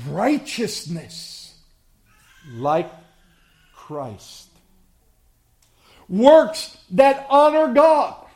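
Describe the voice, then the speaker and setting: High-voiced impassioned male preacher. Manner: impassioned preaching, swinging from loud surges to hushed drawn-out words. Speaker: pastor. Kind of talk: sermon.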